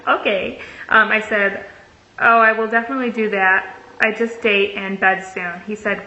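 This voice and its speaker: A woman's voice: medium pitch, steady tone, normal speed, pushed and bright. A young woman in a casual storytelling vlog, reading out messages with sarcastic asides. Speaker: vlogger. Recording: echoey room, dull lo-fi sound, faint hiss.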